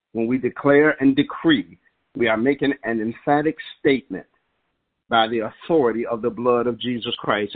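Earnest preaching man over a phone line. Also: mid-range voice. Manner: earnest, emphatic preaching cadence. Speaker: prayer call leader. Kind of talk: prayer-line devotional and scripture recitation. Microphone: phone call.

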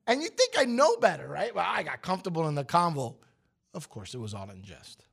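A man in his fifties with a high, gravelly voice that swings widely in pitch, chatting as a show co-host. He tells wandering anecdotes with a wry, self-mocking humor. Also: wildly swooping pitch, fairly quick, fairly bright tone. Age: 50s. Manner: rambling storyteller, wry and joking. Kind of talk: casual chat and sports rundown.

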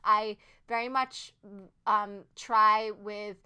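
A woman who acts on stage, talking as a podcast guest, earnest and animated, with many "like"s and restarts. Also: mid-range voice, very slow, smooth, lo-fi sound. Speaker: Broadway actress, podcast guest. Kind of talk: casual interview chat.

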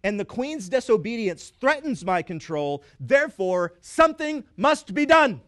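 A self-important king, put on by a preacher, booms his demands in a high, indignant voice. He declares his control with pompous weight, loud and swelling. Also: sing-song, a little slow, exaggerated voice.

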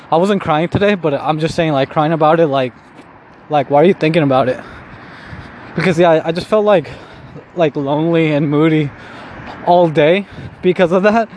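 A man's voice: on the high side, brisk, pauses often, darkish tone. Rambling young man walking a city street. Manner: rambling, self-mocking, swears often, laughs at himself. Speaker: vlogger. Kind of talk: casual talk while walking outdoors. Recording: faint street noise outdoors.

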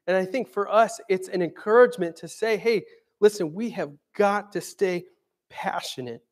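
A man's voice: on the high side, a little mellow. Conversational male pastor preaching. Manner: conversational, dramatic, acts out quoted voices. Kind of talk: sermon.

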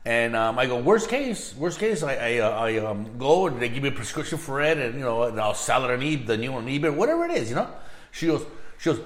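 A man's voice: medium pitch, very animated, fast. A middle-aged man hosting a podcast, telling a story in loose, casual chat, swearing freely and tossing in Spanish words. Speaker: podcast host. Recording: roomy echo.

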